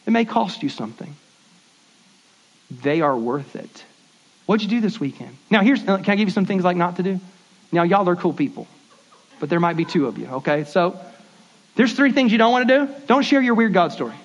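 A man preaching a casual, conversational sermon as pastor, repeating words and acting out quick bits of dialogue. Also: high-pitched, expressive. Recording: dull lo-fi sermon audio.

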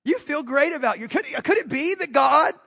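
A man delivers a sermon in a strikingly high voice. He preaches emphatically and with animation, breaking off for quick asides to the congregation. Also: lively intonation, creaky, sharp tone. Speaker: pastor.

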